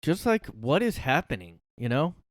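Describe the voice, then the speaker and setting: A man's voice: on the high side, very animated, normal speed, dry recording, clean studio sound. A man hosting a solo comedy podcast from his room, ranting in a rambling, profane, sarcastic way. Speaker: podcast host.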